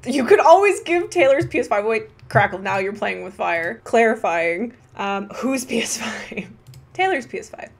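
A young woman chats casually through a gaming live stream in a fairly high voice, bubbly and quick to giggle. She reads chat messages aloud and reacts with excited little exclamations. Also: gravelly. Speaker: livestream host.

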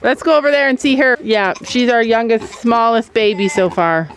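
A woman's voice: fairly high pitch, normal speed. A woman hosting a farm vlog, chatting playfully with children outdoors and laughing often. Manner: lively, playful, laughs often, explains things simply. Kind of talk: casual chat with children. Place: outdoors on a farm among animals. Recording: outdoor farm recording with noise.

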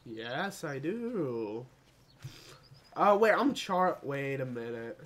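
A gaming video creator doing let's play commentary, talking to the game and breaking into dramatic shouts and cries. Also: mid-range voice, sing-song, slow.

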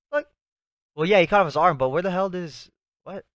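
A young man hosting a live anime reaction, talking excitedly to the screen in slangy, casual speech. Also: a little high, moderate pace, dry recording, studio quality. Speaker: anime reaction channel host.

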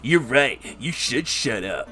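A man's voice: medium pitch, lively intonation, takes it slowly, sharp tone, soft background music. Sarcastic man mocking a book. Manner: sarcastic, profane and exasperated. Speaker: book reading commentator. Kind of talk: comedic book commentary.

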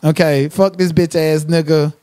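A man's voice: a little high, little pitch movement, moderate pace, dark tone, clear, resonant tone, dry recording. A man hosting a livestream, cursing and trash-talking someone in a confrontational rant. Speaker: livestream commentator.

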